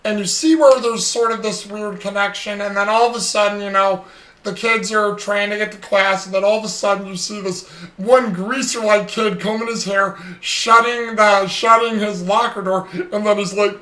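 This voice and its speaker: A man's voice: high voice, steady tone, normal speed, bright, forceful tone, echoey room, low-quality recording. A man co-hosting a casual chat podcast, recapping a TV episode in a rambling way with lots of fillers. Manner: rambling, acts out quoted lines, frequent fillers.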